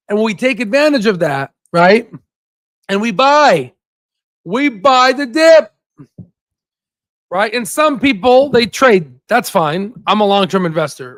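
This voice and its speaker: A man hosting a casual stock investing livestream, joking and hyping, with sudden shouted bursts and constant "right?" asides. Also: sits high, no room sound.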